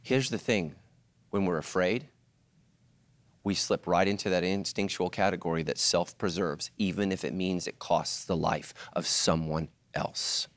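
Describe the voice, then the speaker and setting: A middle-aged male pastor preaching a sermon, swinging from loud, high-pitched joking to a hushed, earnest tone. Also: measured pace. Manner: animated, jokes in a loud, high voice, then drops to a hushed, earnest tone.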